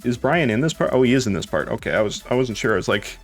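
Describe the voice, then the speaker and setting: A man's voice: medium pitch, big pitch swings, quick pace, soft background music. A young man chatting casually on a live stream, rambling, laughing often and swearing now and then.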